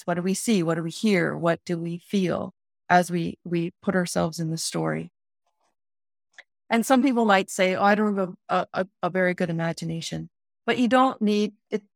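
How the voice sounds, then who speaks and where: Low-voiced woman teaching prayer. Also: no echo, clean studio sound. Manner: earnest, plain-spoken, with frequent restarts. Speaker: spiritual director teaching prayer. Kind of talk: informal spoken teaching on prayer.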